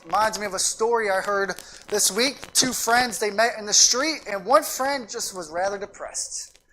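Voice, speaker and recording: A woman's voice: medium pitch, moderate pace, a bit bright, a little hiss or hum. A woman pastor preaching a sermon in a church, emphatic and repetitive, weaving in anecdotes. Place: church sanctuary.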